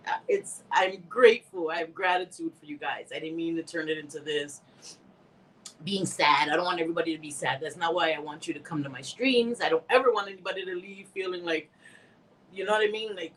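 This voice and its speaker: A woman hosting a livestream, speaking in a lowish voice and talking straight to her viewers with rambling, heartfelt gratitude. She is teary and emotional, with laughs breaking through. She is still recovering from a cold, and there is a faint hiss of noise under her voice. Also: fairly quick, fairly bright tone, low-quality recording. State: recovering from a bad cold, slightly stuffy. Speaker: livestream host. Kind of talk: casual livestream chat reading viewer comments.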